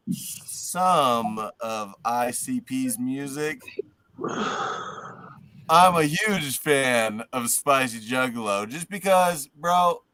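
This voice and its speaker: A man's voice: mid-range voice, pushed and bright, no room sound. A laid-back man in casual chat with friends, peppering his talk with "bro" and "man".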